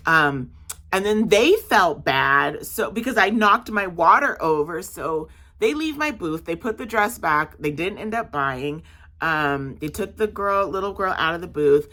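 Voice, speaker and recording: Chatty woman vlogger, bright tone. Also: lowish voice, normal speed. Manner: animated, chatty storytelling with many fillers. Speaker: market vendor vlogger. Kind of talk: casual storytelling vlog.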